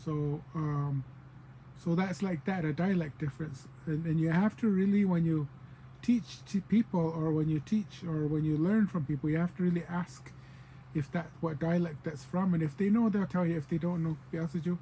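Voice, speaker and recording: Man teaching, mellow and relaxed. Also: fairly high pitch, normal speed, a little hiss or hum, low-quality recording. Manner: explains patiently, repeats example words. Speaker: language teacher. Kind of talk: casual spoken language lesson.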